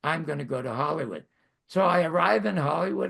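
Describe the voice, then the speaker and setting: A man's voice: fairly high pitch, animated, brisk, creaky, a bit bright. A man in his nineties from Canada, telling stories from his life as a host, with a wry, self-mocking humor. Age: 90s. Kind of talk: storytelling monologue.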